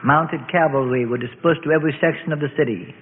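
A man's voice: a little high, fast talker. A man reading a dramatic historical story aloud in a storytelling cadence. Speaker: narrator. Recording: phone-like radio sound, long reverb.

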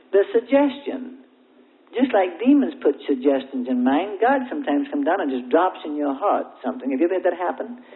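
A preacher delivering an impassioned evening sermon, climbing into pleading fervor as it builds. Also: mid-range voice. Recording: tinny, narrow-band old tape recording.

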